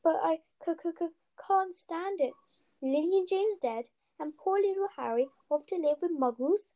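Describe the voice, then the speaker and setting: A woman's voice: a little high, moderate pace, highs cut off, lightly acted. A woman voicing a huge, shaggy, tender-hearted giant man who stammers through tears. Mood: sobbing. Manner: sobbing, stammering.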